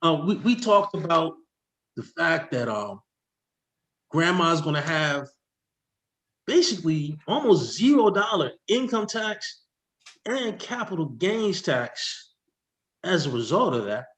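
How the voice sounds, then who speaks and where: A man, a tax expert guest, explaining with slides in an excitable, rushing way that keeps interrupting itself. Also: on the high side. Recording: echoey room.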